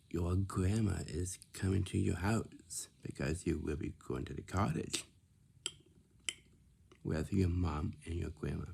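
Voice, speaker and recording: A man's voice: low-pitched, vocal fry, warm tone, slightly rough. A man giving a repetitive, lecturing instructional talk, often checking in with "right?".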